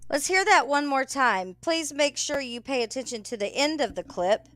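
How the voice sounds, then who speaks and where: A woman's voice: sits high, expressive, normal speed, fairly bright tone. A woman host giving blunt, opinionated commentary on clips.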